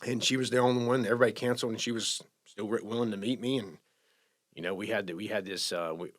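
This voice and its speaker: A man telling a personal recovery story in casual talk, halting and emotional, with many restarts. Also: lowish voice, steady tone. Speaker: podcast guest sharing recovery story.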